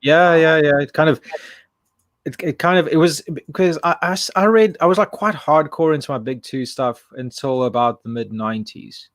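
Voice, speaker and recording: A man's voice: fairly high pitch, normal speed, no echo. A man chatting casually as a stream co-host, rambling with frequent restarts. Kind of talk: casual chat.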